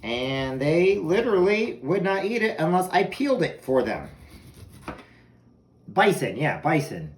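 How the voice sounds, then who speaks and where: Unhurried, with a fairly high voice that swings widely in pitch, this man rambles self-amusedly to viewers as he cooks corn in his kitchen. He's a home cooking vlogger, recorded in an echoey room with background noise.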